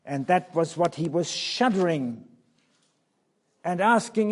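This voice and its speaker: A man preaching a sermon, reading scripture aloud, building to emphatic passages and dropping to hushed tones. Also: on the high side, big pitch swings, slow pace, slightly rough. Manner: drops to soft, hushed tones on key phrases.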